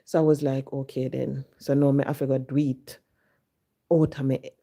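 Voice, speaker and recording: A woman's voice: extremely low pitch, level tone, moderate pace, gravelly, mellow. A woman from Jamaica with a Jamaican accent, telling a personal story and slipping into Patois when she quotes herself.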